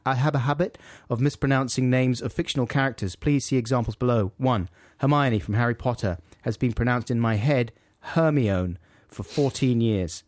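A man's voice: medium pitch, darkish tone, no echo, clean studio sound. A man, co-hosting a radio show in playful, casual banter. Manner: playful, laughs easily. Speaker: radio host. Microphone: studio mic.

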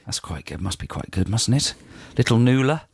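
A man's voice: mid-range voice, animated, normal speed, husky, dry recording. A man co-hosting a radio breakfast show, talking in casual banter with dry, self-mocking humor and frequent laughs.

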